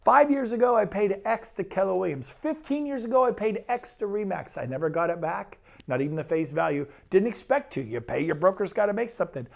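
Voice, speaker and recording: A man's voice: high voice, expressive, a little fast, gravelly, hardly any pauses. A man giving an enthusiastic sales presentation about real estate, talking conversationally and acting out quotes.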